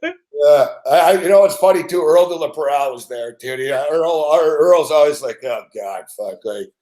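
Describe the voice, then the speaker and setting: A man hosting a casual sports chat, excitable and swearing often, calling the other man "dude" and "man". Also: fairly high pitch, normal speed. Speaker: show host.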